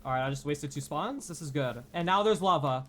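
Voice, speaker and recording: Playing in a tournament, a streamer delivers frantic live commentary in a mid-range, fairly bright voice that's animated and a little fast. There's plenty of swearing and self-deprecating outbursts at their own mistakes.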